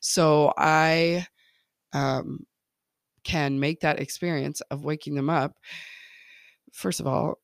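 A woman's voice: deep voice, steady tone, slow, long pauses, dry recording, studio quality. A woman parenting coach talking casually, laughing often and checking in with her listeners. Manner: chatty, laughs often, keeps checking in with "okay?" and "right?".

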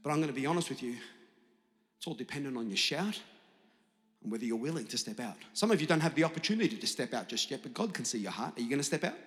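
A man's voice: medium pitch, expressive, fast, a bit bright. A man preaching to his church with great energy, often acting out the doubting listener in an exaggerated voice. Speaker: pastor. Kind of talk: sermon. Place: large church hall. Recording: long hall reverb.

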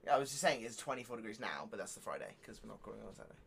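A man's voice: lowish voice, lively intonation, rapid-fire, vocal fry, fairly bright tone, a little hiss or hum. A young man co-hosting a podcast in casual chat, rambling with lots of fillers. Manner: rambling, chatty, filler-heavy. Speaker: podcast co-host.

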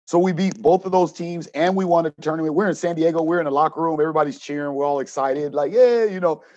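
A man who coaches, telling a story in an interview with animated acted-out quotes and frequent restarts. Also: a little high, fast, muffled recording.

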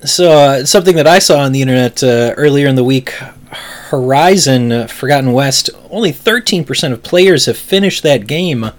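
A man co-hosting a casual gaming news podcast, relaxed and joking as he reads out the next story. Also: mid-range voice, normal speed. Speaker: podcast co-host.

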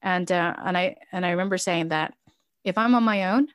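A woman's voice: lowish voice, fairly quick, clear, resonant tone, no room sound, clean studio sound. Earnest woman telling personal stories. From Chinese heritage. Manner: earnest, reflective, many fillers and restarts. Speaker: interview guest, business founder. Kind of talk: candid personal interview.

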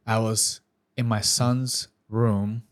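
A man sharing an emotional personal testimony as a podcast guest, speaking earnestly and haltingly with many restarts. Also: on the low side, little pitch movement.

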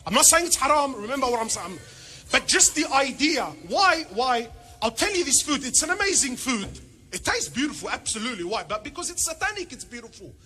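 A man preaching a sermon, animated and joking, firing rhetorical questions and mixing in Arabic phrases. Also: extremely high pitch, brisk, faint music behind. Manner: peppers speech with Arabic phrases. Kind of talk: sermon to a congregation.

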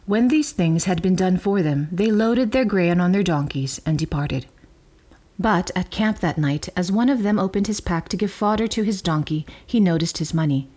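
A woman with a somewhat low voice reads scripture aloud. Her delivery is measured and clear, in a storytelling manner. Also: mellow. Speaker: reader.

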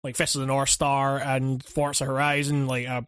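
A man's voice: mid-range voice, monotone, normal speed, fairly bright tone, clear, resonant tone, dry recording, studio quality. A man co-hosting a gaming podcast in casual chat, rambling and hesitant, swearing freely.

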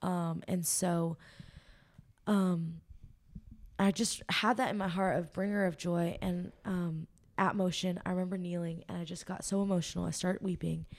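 A woman's voice: fairly low pitch, fairly even intonation, normal speed, darkish tone. A woman guest on a podcast, telling an earnest, emotional faith testimony with lots of ums and likes. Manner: rambling, with many ums and likes.

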